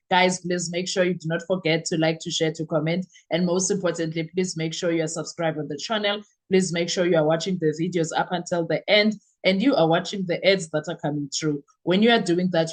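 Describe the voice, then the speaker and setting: A woman hosting a podcast, her voice husky with morning roughness, reading through notes with fillers and asides. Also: lowish voice. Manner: reads summaries aloud with fillers and asides. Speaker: podcast host. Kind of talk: casual commentary reading notes.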